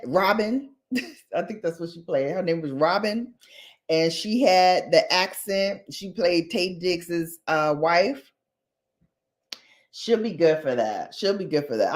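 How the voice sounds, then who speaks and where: Gossipy woman chatting slowly, lively pitch. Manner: chatty, gossipy, animated asides to viewers. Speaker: beauty vlogger. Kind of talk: casual chat.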